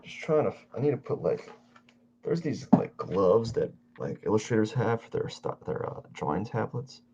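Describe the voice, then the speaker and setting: Man, very deep voice, tired, yawning, rambling stream chat, slightly muffled lo-fi audio. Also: very animated, warm tone, a little hiss or hum. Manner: meandering, halting, self-talk with fillers. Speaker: artist streaming his drawing. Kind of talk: casual rambling chat while drawing.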